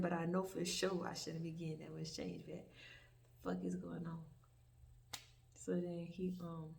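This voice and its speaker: Young woman with a gravelly voice telling a rambling story. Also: medium pitch. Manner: rambling, profane, animated storytelling with many asides. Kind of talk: casual storytime vlog. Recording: distant mic, faint background hiss.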